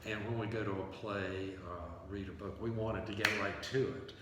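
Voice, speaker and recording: A low-voiced man talks as an interview guest about writing and editing. He explains his points with short acted-out example sentences. He sounds set back from the mic in an echoey room with a long reverb tail and faint hiss. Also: fairly even intonation, a little fast, recorded from a distance. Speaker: novelist and playwright guest. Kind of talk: conversational interview.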